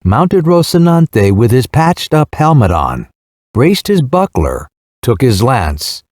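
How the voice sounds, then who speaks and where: A man narrating a classic novel as an audiobook, with measured, expressive storytelling. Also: mid-range voice, no room sound, studio quality.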